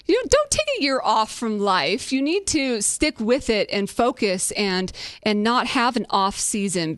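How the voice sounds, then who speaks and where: A woman's voice: on the high side, a bit bright, no room sound, studio quality. A woman in her thirties hosting a podcast, telling a story in a candid, upbeat way and now and then swearing. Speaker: podcast host.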